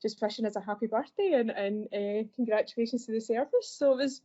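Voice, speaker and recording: A woman's voice: a little high, fast talker, mellow. A Scottish woman who works as a library assistant, chatting on a podcast in a friendly, self-deprecating way. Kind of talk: podcast conversation. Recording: dull lo-fi podcast audio.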